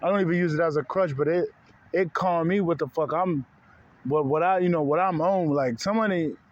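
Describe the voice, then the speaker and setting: Talking a little fast in a voice on the high side, a man who makes spiritual vlogs goes on a casual, heated rant to camera. He swears, repeats himself, and keeps addressing viewers as "bro." The audio has its highs cut off.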